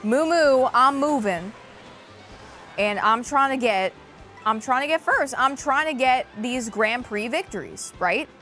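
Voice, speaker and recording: This is a woman hosting a game livestream, chatty and excitable as she talks to her chat mid-race. Her voice sits a little high and swings widely up and down. Faint game music plays behind her. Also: measured pace. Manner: excitable, self-mocking, chatty with viewers. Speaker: livestream co-host playing a kart racing game. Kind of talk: casual livestream banter.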